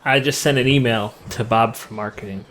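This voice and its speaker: A man's voice: mid-range voice, fairly even intonation, a little fast, a bit bright. Joking male co-commentator outdoors. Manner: joking, dry asides. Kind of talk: casual game commentary.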